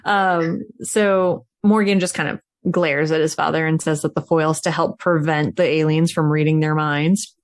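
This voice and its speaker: A woman's voice: deep voice, fairly even intonation, normal speed, dry recording, clean studio sound. A woman casually recapping a film as a podcast co-host, chatty and laughing often. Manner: chatty storytelling with frequent laughs.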